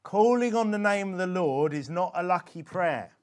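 A man with a notably high voice teaches in an informal, conversational way. He is earnest and emphatic, repeating and restarting phrases as he goes. He keeps checking in with his listeners with a quick "okay?". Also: expressive. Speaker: evangelism instructor. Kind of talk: informal religious teaching talk.

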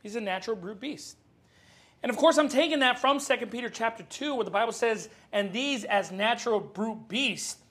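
High-voiced animated male preacher. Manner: animated, joking, acts out Bible scenes. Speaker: pastor. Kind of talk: sermon.

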